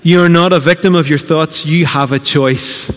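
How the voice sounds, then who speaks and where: A man's voice: fairly high pitch, steady tone, normal speed, in a large hall. A man from Northern Ireland preaching a sermon as pastor, earnest and exhorting, putting direct questions to the congregation. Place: church hall.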